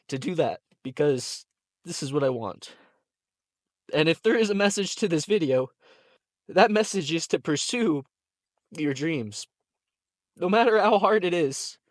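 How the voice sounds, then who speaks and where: A young man with a slightly higher voice speaks earnestly and at length straight to his camera, teary-eyed and heartfelt. The sound is dry and close. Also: no room sound. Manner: earnest, heartfelt, repetitive, talkative. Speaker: content creator and electrician. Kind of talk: personal vlog to camera. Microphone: camera mic, talking to camera.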